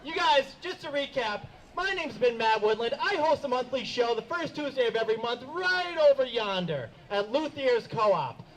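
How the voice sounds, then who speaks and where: A man's voice: very high-pitched, very animated, normal speed, few pauses, rough recording. A man hosting an outdoor comedy show, making loose, chatty announcements between acts. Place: outdoor event.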